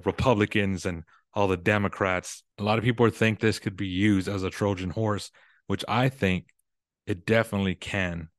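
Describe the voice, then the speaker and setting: A man's voice: sits low, no room sound, studio quality. A man giving casual solo commentary on news and movies, chatty and loose, often saying "kinda" and correcting himself mid-sentence.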